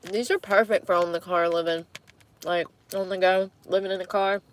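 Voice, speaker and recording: Sitting in her parked car with food, a young female vlogger talks in a lowish, steady voice at normal speed. She's chatty and easygoing, laughing frequently between bites.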